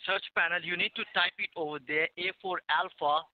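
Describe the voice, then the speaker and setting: A man's voice: sits high, fairly even intonation, a little fast, a crowd in the background. A man on a phone call, pleading and repeatedly saying "madam". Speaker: scam caller. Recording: tinny phone line.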